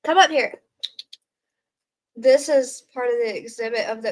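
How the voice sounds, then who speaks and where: Woman, fairly high voice, chatty, giggly, casual livestream host at home. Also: unhurried. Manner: chatty and giggly, talking to her pet and her chat. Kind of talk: casual live chat with viewers. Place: at home at night.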